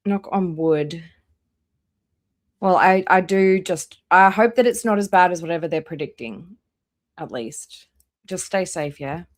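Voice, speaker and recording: A woman with a somewhat low voice chats casually on a live stream. She greets viewers by name one after another, drawing out her welcomes and letting her voice trail off quieter at the ends of lines. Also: a little slow, long pauses. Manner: chatty, reads out viewer names one by one. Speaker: live-stream reaction host.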